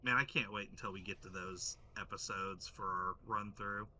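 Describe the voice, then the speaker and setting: A man's voice: low voice, steady tone, moderate pace, bright, forceful tone, a little hiss or hum. A man co-hosting a livestream, joking and teasing his friend while they play a game. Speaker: co-host and gamer. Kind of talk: casual livestream gaming chat.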